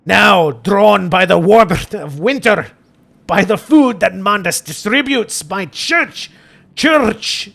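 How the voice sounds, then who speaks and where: A man reading a diary aloud as a Scottish-accented priest, slow and theatrical, rolling his Rs heavily. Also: high voice, animated, vocal fry, fairly bright tone, exaggerated voice. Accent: Scottish, exaggerated put-on. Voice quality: heavy rolled Rs.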